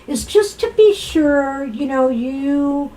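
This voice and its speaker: A woman's voice: sits high, animated, slow, mellow. A woman co-hosting a tarot reading show, giving chatty, reassuring advice with lots of "you know". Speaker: tarot reader co-host. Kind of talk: casual tarot reading chat.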